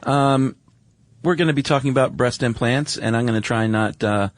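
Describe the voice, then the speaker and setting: A man's voice: medium pitch, moderate pace, no echo. A man co-hosting a podcast in casual chat, laid-back and easygoing, chuckling often. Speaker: podcast co-host.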